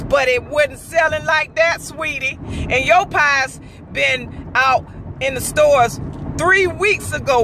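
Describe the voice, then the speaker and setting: A fired-up woman records an opinion vlog on her phone while driving home from work. She speaks slowly in a bright, sharp voice, preaching and repeating her points with emphasis. Faint traffic hums behind her. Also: high-pitched. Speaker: vlogger. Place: car on the drive home from work.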